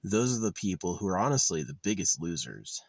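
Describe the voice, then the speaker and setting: A man's voice: low voice, sing-song, fairly quick, no room sound. A man in an outdoor vlog delivering an angry, profane, sarcastic rant full of contempt. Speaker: vlogger. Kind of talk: angry ranting monologue.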